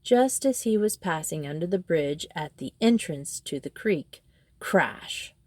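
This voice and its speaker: Lady reading a kids storybook aloud, low voice, expressive, dry close mic. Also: a little slow, dry recording. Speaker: storybook reader. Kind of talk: storybook narration.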